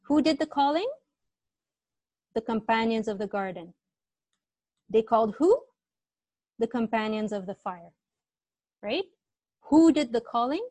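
Patiently quizzing students in an online grammar class, a woman with a fairly high, warm voice repeats questions and answers back to them. Her intonation is lively, her pace measured with long pauses, and the sound is dry with no room sound.

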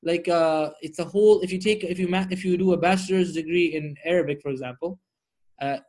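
A man's voice: high voice, fairly even intonation, a little fast, a little mellow. A man teaching Arabic grammar online, drilling word forms and checking in with his students often.

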